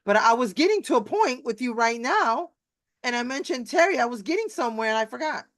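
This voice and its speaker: A woman's voice: on the high side, lively intonation, brisk, no room sound. Chatty middle-aged woman on a dry video call. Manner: chatty, rambling, with many restarts and acted-out quotes. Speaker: host. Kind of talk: casual chat on a live video interview.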